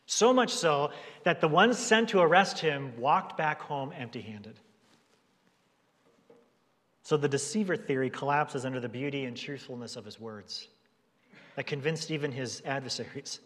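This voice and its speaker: A man's voice: medium pitch, normal speed, a bit bright. Conversational preaching man in a reverberant hall. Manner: conversational preaching, acts out quoted voices. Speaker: pastor. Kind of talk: sermon.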